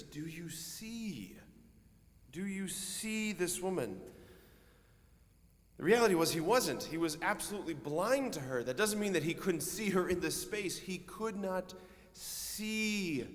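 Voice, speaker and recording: Earnest priest in an echoey church. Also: male voice, on the high side. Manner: earnest, conversational preaching with frequent "like" asides. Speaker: Catholic priest. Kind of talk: homily.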